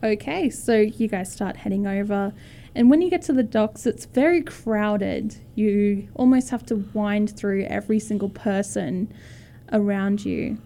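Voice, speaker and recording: A woman game master narrating a tabletop game in a relaxed, loose way with fillers. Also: medium pitch, a little slow, vocal fry.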